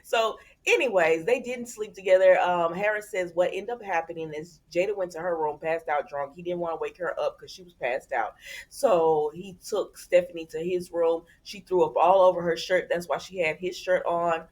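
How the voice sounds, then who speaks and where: A woman's voice: lowish voice, moderate pace, darkish tone. A woman hosting a casual soap opera recap, chatting to her viewers and retelling each scene by acting out the characters' lines. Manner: chatty, conversational, addresses viewers as y'all.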